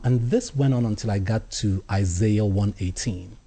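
A man telling his personal faith story as an interview guest, earnest, with halting restarts. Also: lowish voice, warm tone, husky. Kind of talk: personal testimony in conversation.

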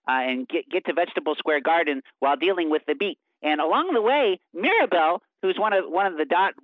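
A man voicing a cheerful, goofy male cartoon cucumber in a squeaky, high voice, joking through a radio interview. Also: dry recording, phone-quality sound, natural voice. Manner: bouncy and jokey.

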